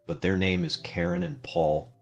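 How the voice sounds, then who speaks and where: A man's voice: sits low, sing-song, moderate pace, vocal fry, husky, muffled recording. A man answering in a literal, puzzled, politely questioning manner, as a character in a game chat.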